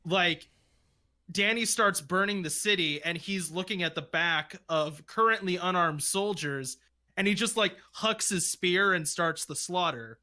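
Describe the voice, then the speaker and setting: A man co-hosting a casual review chat, reasoning out loud in a rambling way. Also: sits high, a little slow. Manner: rambling, lots of "like" fillers. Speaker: podcast co-host.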